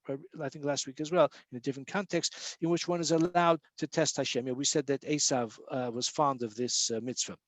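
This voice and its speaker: A man teaching a Torah class in a casual way. He chants Hebrew verses slowly, explains them in English, and fills pauses with many uhs and restarts. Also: on the high side, no echo. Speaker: rabbi teaching Torah portion.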